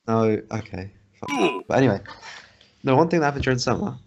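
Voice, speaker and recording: A young podcast co-host rambles and swears while retelling an annoying story during casual chat. His mid-range voice is very animated, fairly quick and creaky, and the recording has a dull, lo-fi quality.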